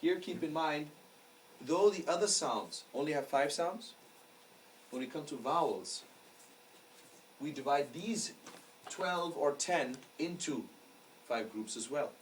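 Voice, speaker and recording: With a slightly high, animated voice, a man teaches an astrology class slowly and with frequent pauses. Patient in his explanations, he often confirms the students are following; the mic is distant, with faint noise behind him.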